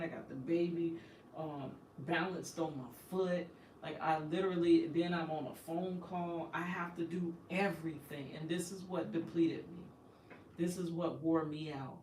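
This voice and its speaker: A woman's voice: sits low, darkish tone. A woman host telling her own story in an emphatic, impassioned, indignant way. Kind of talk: emotional personal storytelling. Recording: echoey room, distant from the mic, faint background noise.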